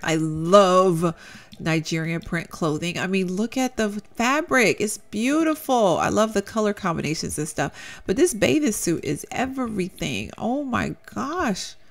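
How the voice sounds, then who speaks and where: Gushing, chatty young woman with a lively voice. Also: on the low side. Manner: gushing, chatty, uses "y'all" and "girl". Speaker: Sims content creator showcasing custom content. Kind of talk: casual gameplay commentary.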